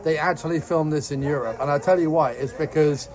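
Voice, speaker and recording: Guy riffing on a movie, kinda high voice, keeps restarting sentences. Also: fairly quick, darkish tone. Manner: rambling, incredulous, with frequent restarts. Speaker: podcast co-host. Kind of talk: casual film-review chat.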